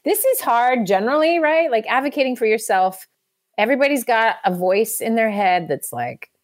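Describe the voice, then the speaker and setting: A woman's voice: on the high side, normal speed. A woman hosting an advice podcast, giving encouraging, coaching advice in casual chat with many fillers.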